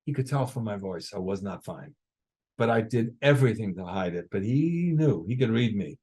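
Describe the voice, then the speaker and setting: Here the older guest drummer has a husky, lowish voice and talks at a normal speed. In a casual interview he spins animated stories, voicing other people's remarks himself.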